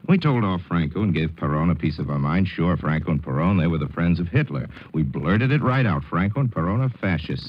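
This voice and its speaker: A man's voice: low-pitched, lo-fi sound, a little hiss or hum. A man delivering a wry, theatrical scripted commentary on a 1940s radio broadcast.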